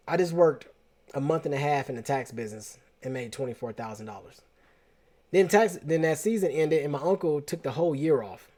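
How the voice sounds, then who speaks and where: Man host, slightly high voice, casual slangy storyteller. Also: moderate pace, long pauses. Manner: casual, animated, slangy storytelling with repeated restarts. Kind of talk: personal storytelling talk.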